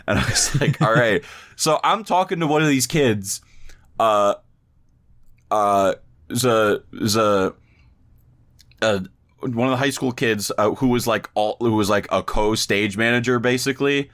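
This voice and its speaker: A man's voice: lowish voice, expressive, unhurried, fairly bright tone. A man on a podcast telling a long, rambling story in casual chat, swearing freely and restarting his sentences often. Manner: rambling, profane, frequent restarts. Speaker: podcast co-host.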